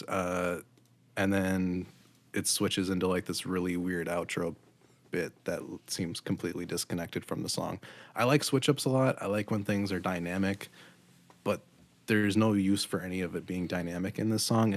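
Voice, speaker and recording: A man co-hosting a podcast, giving a blunt, critical album review in casual chat with frequent ums. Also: low voice. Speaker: podcast co-host.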